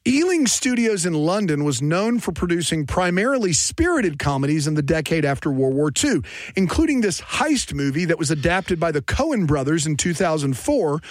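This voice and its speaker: A man's voice: a little high, very animated, moderate pace, dry recording. A man hosting a trivia game, reading questions and chatting with upbeat energy. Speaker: quiz host. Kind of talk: quiz hosting.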